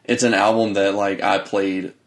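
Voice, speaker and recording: A man's voice: fairly low pitch, fairly even intonation, normal speed. A young adult man co-hosting a podcast in casual chat, answering with short, laid-back remarks. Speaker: podcast co-host.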